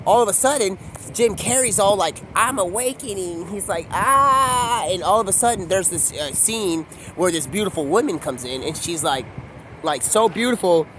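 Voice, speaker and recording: Standing outdoors by a street, a man with a high-sitting, fairly quick voice tells a rambling, drifting story in stream-of-consciousness fashion. He often quotes people in put-on voices, and there's slight background noise.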